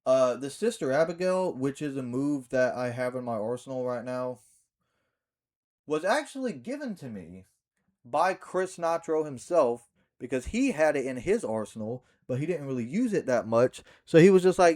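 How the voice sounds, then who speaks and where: A man's voice: medium pitch, expressive, moderate pace, darkish tone. A young man ranting to camera about a wrestling match finish, swearing and acting out the scene in mocking mimicry. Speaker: backyard wrestler. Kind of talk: ranting vlog monologue.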